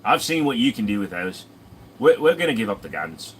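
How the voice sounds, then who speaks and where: A man putting on an Australian accent to play a brash, crude bloke who makes deadpan absurd claims. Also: fairly low pitch, brisk, a little hiss or hum. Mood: folksy. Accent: put-on Australian.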